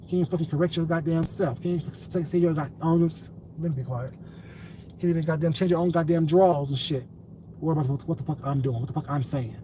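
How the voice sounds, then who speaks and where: A man's voice: a little high, dark tone. A man streamer lecturing his chat. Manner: lecturing, then cursing angrily. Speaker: live streamer. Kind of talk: live-stream rant to chat. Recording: distant mic, faint ambient noise.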